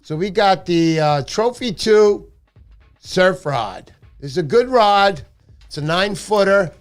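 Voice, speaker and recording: A middle-aged man hosting a casual livestream, playful and jokey with loud bursts of excitement. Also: high voice, measured pace, faint music behind. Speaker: livestream host.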